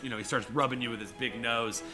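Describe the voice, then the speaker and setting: A man's voice: mid-range voice, steady tone, fast talker, music in the background. A man narrating a tabletop game as game master, rambling with many fillers. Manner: rambling, filler-heavy storytelling.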